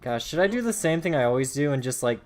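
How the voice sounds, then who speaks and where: A man's voice: mid-range voice, animated, fast talker, faint music behind. A man hosting a game stream, chatting casually and laughing often over online voice chat. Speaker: stream host.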